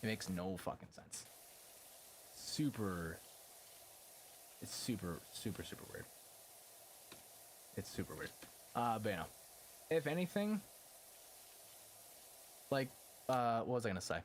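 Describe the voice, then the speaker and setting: A man's voice: on the low side, animated, measured pace, pauses often, slight background noise. A young adult man chatting casually on a live stream, rambling and packing his talk with fillers and casual swearing. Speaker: game streamer.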